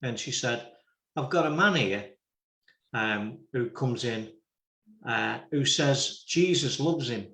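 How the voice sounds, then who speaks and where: A man's voice: medium pitch, expressive, slow pace, pushed and bright. A man with a Liverpool accent, a reverend hosting the show and recounting a memory in easygoing casual chat. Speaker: host, reverend. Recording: roomy echo.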